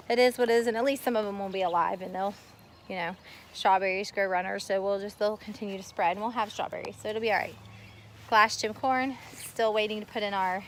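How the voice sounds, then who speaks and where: With a mid-range voice and slight background noise, a woman tours her backyard garden on foot, filming with her phone. The homestead vlogger chats and rambles casually, somewhat out of breath, and talks to her kids and dog as she goes.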